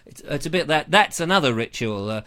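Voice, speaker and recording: A man's voice: a little high, animated, fairly quick, pushed and bright. A man hosting a casual livestream, jokey and rambling, chatting into a lavalier mic. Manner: jokey, rambling, slips into silly voices. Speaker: livestream host.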